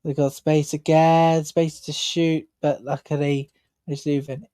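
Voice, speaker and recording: A woman's voice: sits low, flat delivery, measured pace, dark tone, dry recording. A tired woman hosting a live football watch-along, chatting and commenting on play in a rambling, chatty way. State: tired, yawning. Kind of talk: live match commentary and chat.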